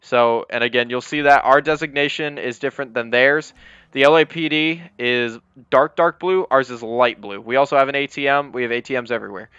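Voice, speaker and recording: A man's voice: medium pitch, fairly quick, fairly bright tone, clean tone, no room sound. A young man casually walking viewers through a roleplay game server, rambling with lots of fillers and apologies. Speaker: roleplay server police department leader. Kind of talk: casual gameplay walkthrough. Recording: dry, slightly dull lo-fi mic.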